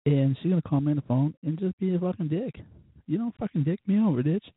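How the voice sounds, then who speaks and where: A man's voice: fairly high pitch, expressive, quick pace, breathy edge, no echo. Podcast host, male, profane fired-up ranter; dry, phone-quality audio. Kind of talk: casual ranting monologue.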